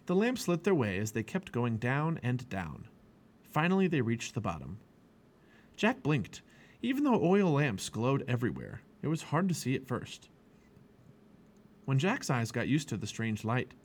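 A man reading a children's chapter book aloud with expressive storytelling. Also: mid-range voice, unhurried. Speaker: family podcast reader.

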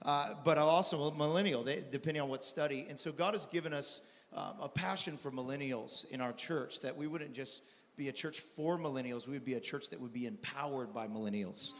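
A man in his forties preaching a sermon as pastor, stammering and restarting often, swinging from quiet talk to loud shouted preaching. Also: medium pitch, a little fast. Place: church sanctuary. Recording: long reverb of a large hall.

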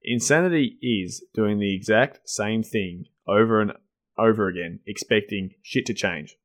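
A man reading out the lines of an unhinged, menacing male pirate villain in a slow, drawn-out way, close to his own voice. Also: fairly low pitch, lightly acted.

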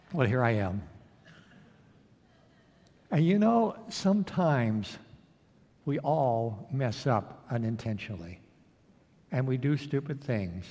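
A man's voice: mid-range voice, lively intonation, takes it slowly, pauses often, a little mellow, long reverb tail. A man preaching a sermon as pastor, telling a story and asking the congregation questions. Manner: storytelling with acted quotes, asks the congregation questions. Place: church sanctuary.

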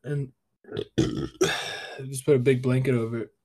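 Young male co-host, mid-range voice, halting casual storyteller. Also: mid-range voice, fairly even intonation, darkish tone. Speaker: podcast co-host. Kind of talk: casual chat.

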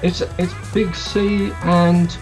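A man's voice: sits high, little pitch movement, takes it slowly, darkish tone, faint music behind. A man hosting a podcast in casual chat, rambling and correcting himself as he talks. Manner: rambling, self-correcting, chatty. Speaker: podcast host.

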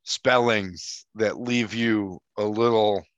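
A man's voice: lowish voice, steady tone, takes it slowly, dry recording, dull audio. A man co-hosting a podcast, telling stories and teasing in casual movie talk. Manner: chatty, storytelling, teasing. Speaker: podcast co-host. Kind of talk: casual movie review chat.

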